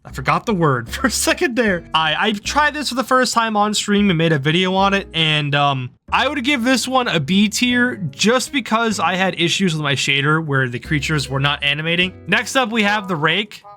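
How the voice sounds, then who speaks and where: A man's voice: high voice, expressive, normal speed, few pauses, sharp tone. A young man, a gaming video host, ranking mods in casual, upbeat commentary and swearing when something startles him. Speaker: gaming YouTuber. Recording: faint background music.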